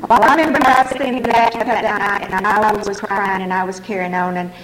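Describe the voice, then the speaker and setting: A woman's voice: medium pitch, steady tone, fast, echoey room, background noise. An older woman sharing her personal story at a recovery meeting, frank and folksy, with a wry sense of humor. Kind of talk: personal testimony to a meeting audience.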